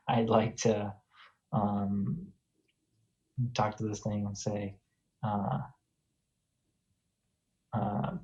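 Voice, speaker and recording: A man's voice: on the low side, flat delivery, extremely slow, long pauses, darkish tone, muffled recording. A man playing in a tabletop game, hesitant and full of fillers. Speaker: player. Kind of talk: casual tabletop play.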